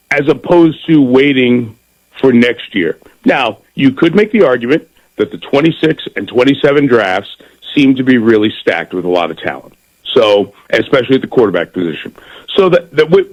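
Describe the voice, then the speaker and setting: A middle-aged man, a football broadcaster, chatting as a guest in a radio interview, lively and given to repeating words as he starts a thought. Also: mid-range voice, poor audio.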